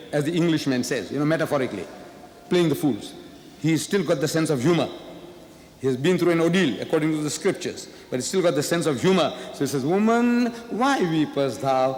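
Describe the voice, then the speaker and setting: A man's voice: a little high, quick pace, darkish tone. A man debating in a public speech, making his points with emphatic repeated rhetorical questions. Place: large lecture hall. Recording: echoey hall, faint ambience.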